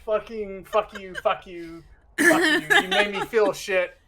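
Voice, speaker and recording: A woman streamer in casual chat about a game, excitable and swearing, acting out her own reactions. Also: mid-range voice, a little slow, crowd noise.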